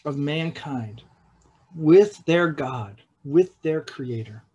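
A man preaching a sermon in a halting way, with repeated words and restarts, at times dropping to a hushed, slow voice for emphasis. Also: on the high side, lively intonation, slightly rough, lo-fi sound. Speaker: pastor.

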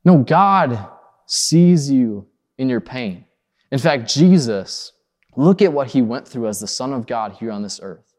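A man's voice: lively intonation, a little slow. Earnest preaching man in a reverberant hall. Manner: earnest, pleading, rises high on acted quotes then drops soft. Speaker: pastor. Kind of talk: sermon.

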